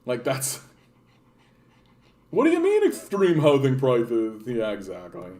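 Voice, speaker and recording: A man's voice: mid-range voice, huge pitch swings, slow pace, a little mellow. Sarcastic, profane young Canadian man. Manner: rambling, profane, sarcastic, with many restarts. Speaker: political commentator. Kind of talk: ranting political vlog.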